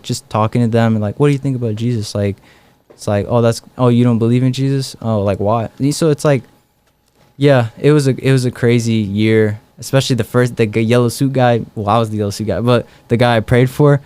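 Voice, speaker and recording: A man's voice: mid-range voice, darkish tone, smooth, no echo. A young man, a street evangelist, telling stories in a casual interview, full of fillers and acted-out dialogue. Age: young adult. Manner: rambling, many fillers and quoted dialogue.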